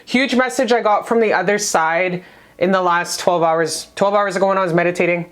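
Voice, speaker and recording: A woman's voice: lowish voice, a little fast. Gushing, slangy woman reading tarot. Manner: gushing, affectionate, slangy and frank. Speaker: tarot reader. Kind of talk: casual online tarot reading.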